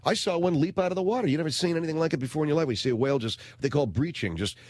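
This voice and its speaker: A man's voice: on the high side, very fast, darkish tone, no echo. A middle-aged man hosting a radio show, telling a rambling, sardonic comic story in a studio. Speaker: radio talk show host. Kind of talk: comedic radio monologue.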